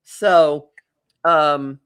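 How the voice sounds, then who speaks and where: A woman's voice: low-pitched, steady tone, drawn-out words, clear, resonant tone. A middle-aged woman astrologer, a podcast guest, talking reflectively and rephrasing mid-thought. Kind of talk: casual conversational podcast.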